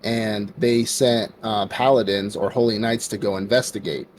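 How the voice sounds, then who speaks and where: A man with a steady, lowish voice speaks at normal speed, with a little hiss or hum in the audio. Co-hosting a podcast, he recaps an anime episode casually and ramblingly, acting out characters' lines and saying "like" and "bro" a lot.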